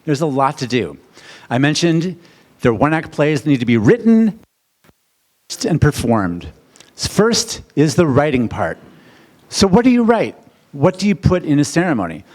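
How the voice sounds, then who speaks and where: A middle-aged American man speaks as a wedding officiant presenting at a seminar. His delivery is theatrical and animated. He often rises sharply in pitch and volume when he poses questions to the room. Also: a little slow, long pauses. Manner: animated and theatrical, swings to loud high questions. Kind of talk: presentation to a live seminar audience.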